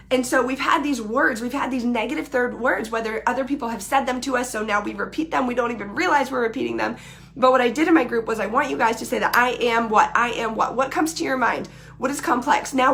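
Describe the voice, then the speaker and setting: A woman's voice: fairly high pitch, gravelly, a bit bright, a little hiss or hum. A woman, talking casually and earnestly to her followers on a live video, repeating phrases for emphasis.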